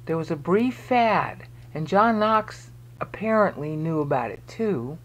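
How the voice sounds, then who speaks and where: An expressive, unhurried presenter with a medium-pitched, fairly bright voice narrates a screen-recorded walkthrough explaining research. As they search on screen, they think aloud and make pointed, emphatic remarks.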